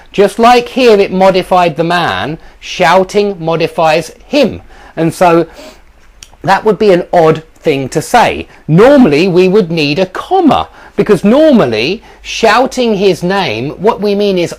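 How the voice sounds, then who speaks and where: A man's voice: a little high, sing-song, a little slow. A man teaching an online grammar lesson, explaining patiently with frequent ums and the odd self-deprecating chuckle. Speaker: English teacher.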